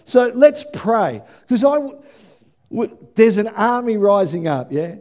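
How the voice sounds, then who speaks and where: A male pastor preaching an animated sermon, rising to shouts at the peaks and dropping into quick asides. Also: high voice.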